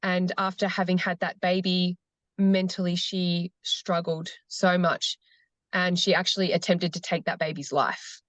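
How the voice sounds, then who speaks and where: Earnest woman, slow and heartfelt. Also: fairly low pitch, flat delivery, no echo. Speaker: cacao ceremony facilitator. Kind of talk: podcast conversation.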